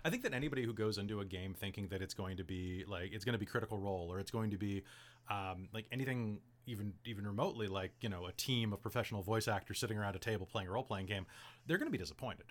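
A man's voice: lowish voice, fairly bright tone. A man hosting a casual podcast, giving game-master advice in a chatty, rambling way full of "like" and "um". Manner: chatty, rambling, heavy use of "like" and "um".

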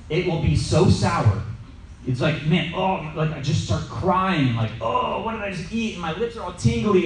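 A man on the high side teaches a Bible study informally, bringing stories to life and drawing the group in with questions. The recording is echoey, made with the mic at a distance, and carries a little hiss or hum.

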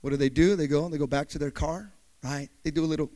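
A man's voice: a little high, fairly even intonation, quick pace, dark tone. A man preaching a sermon and telling a personal story, speaking directly to his congregation with dramatic delivery and playful sound effects.

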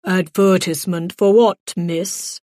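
A woman voicing a cold, solemn male butler who speaks slowly in a hollow, intoning voice. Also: fairly low pitch, steady tone, warm tone, dry recording, studio quality. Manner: hollow, intoning, slow and stiff.

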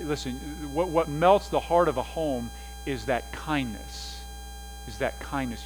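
A middle-aged man preaching a sermon as pastor, telling family stories with lively put-on voices for humor. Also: a little high, low-quality recording. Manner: animated storytelling, mimics voices for laughs. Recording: faint mains hum.

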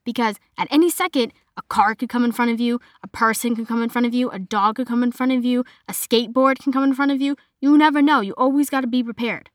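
A woman's voice: on the high side, fast, hardly any pauses, no room sound, studio quality. A young woman from Massachusetts with a mild Boston accent, chatting casually as a podcast host, full of "like" fillers. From Massachusetts, north of Boston. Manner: chatty, bubbly, lots of "like" fillers. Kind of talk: casual solo podcast chat.

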